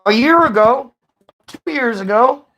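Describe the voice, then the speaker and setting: A man's voice: very high voice, expressive, unhurried, a bit bright, dull audio, a little hiss or hum. A man hosting his own channel in a heated, profane commentary rant, firing off rhetorical questions. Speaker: commentary host. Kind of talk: ranting commentary.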